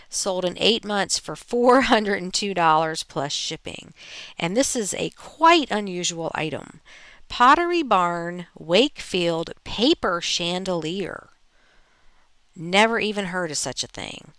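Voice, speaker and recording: A woman hosting a reselling channel, relaxed and chatty as she reads viewer posts aloud with her own asides. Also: mid-range voice, clean tone, no echo. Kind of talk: reading viewer posts in a casual narration.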